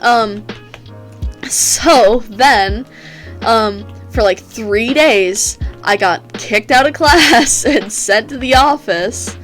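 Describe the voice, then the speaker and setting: A woman's voice: fairly high pitch, very slow, a bit bright, faint music behind. A teenage girl telling rambling, profane stories in a casual chat while she plays a game, laughing often. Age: teens. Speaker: gaming streamer. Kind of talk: casual storytelling while gaming.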